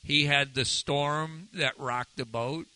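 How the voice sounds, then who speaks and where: A man teaching a Bible lesson in a conversational, animated way, retelling passages and asking his listeners questions. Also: fairly high pitch, slow pace, rough recording. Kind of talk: informal sermon teaching.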